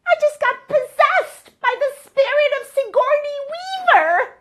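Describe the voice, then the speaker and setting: A woman's voice: very high-pitched, lively intonation, measured pace, a bit bright, slight background noise, exaggerated voice. A woman playing an entitled young female wellness celebrity who is whiny and hysterical. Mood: outraged. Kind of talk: stage comedy sketch.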